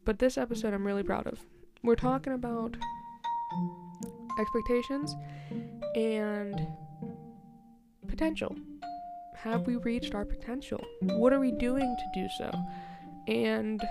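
A woman's voice: fairly high pitch, steady tone, unhurried, gravelly, long pauses, over loud music. A woman in her twenties hosting her own podcast, rambling in a casual chatty way with many fillers and frequent small laughs. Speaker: podcast host. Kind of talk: casual solo podcast chat.

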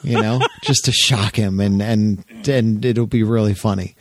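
A man hosting a podcast, chatting casually and retelling an anecdote with lively jumps into quoted voices. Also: measured pace, no room sound. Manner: animated storyteller, jumps up in pitch for quoted voices. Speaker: podcast host.

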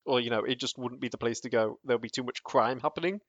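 A man's voice: medium pitch, quick pace, fairly bright tone, dry recording, dull audio. A man co-hosting a podcast in casual chat, rambling with lots of fillers and restarts and laughing often. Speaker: podcast co-host.

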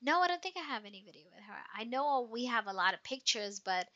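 Bright, rambling young woman. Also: on the high side, sing-song, a little fast, muffled recording. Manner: rambling, emotional storytelling with many fillers. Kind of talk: casual chat.

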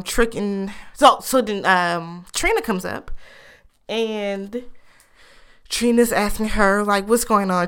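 A woman chats casually through a reality show recap. Her voice is smooth and clear, her delivery animated with laughing, incredulous asides. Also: mid-range voice. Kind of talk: casual chat.

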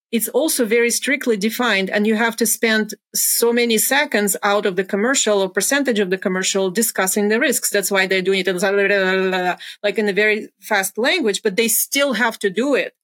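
A woman's voice: mid-range voice, moderate pace, fairly bright tone. A middle-aged woman, a former pharmaceutical research executive, explaining things as an interview guest in earnest, careful steps.

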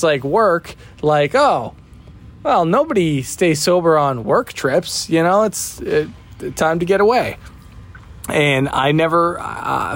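A man with a slightly high voice chats loosely on a recovery podcast. He jokes and teases his friends, laughs often, and then turns to his own story of staying sober on trips. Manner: joking, animated, laughs often. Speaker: podcast co-host. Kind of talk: casual recovery podcast chat.

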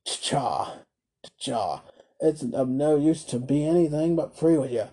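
A man's voice: a little high, expressive, slow pace, husky, exaggerated voice. A man voicing a scornful, sarcastic middle-aged toy merchant who talks brusquely in a storybook reading. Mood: pushy. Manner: brusque, scornful, loud outbursts.

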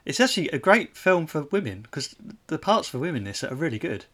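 A man co-hosts a relaxed podcast, talking over a film with his friend. His speech is loose and chatty, full of hedges like 'sort of'. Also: fairly high pitch, brisk. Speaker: podcast co-host. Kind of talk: casual chat.

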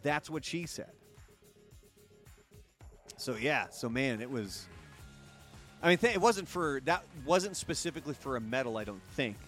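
A man hosting a casual live-streamed talk show, chatty and jokey, with an energetic quiz-host delivery. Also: medium pitch, measured pace, long pauses, faint music behind.

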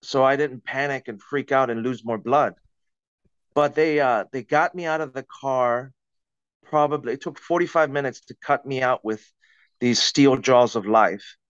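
A man's voice: medium pitch, fairly bright tone, clean tone, no echo, highs cut off. A man, a podcast guest, telling a personal story in conversation with vivid, dramatic retelling and acted-out quotes.

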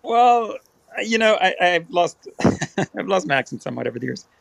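A man in his forties from Ireland with a slight South Dublin accent, a guest talking in a relaxed, thoughtful way with frequent fillers. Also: high-pitched, moderate pace, creaky, no room sound. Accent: slight South Dublin Irish. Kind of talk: casual interview chat.

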